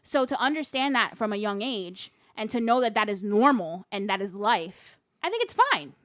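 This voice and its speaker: A woman's voice: medium pitch, expressive, moderate pace, fairly bright tone, dry recording, clean studio sound. A woman co-hosting a podcast, chatting casually, telling stories and laughing often. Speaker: podcast co-host. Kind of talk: casual chat.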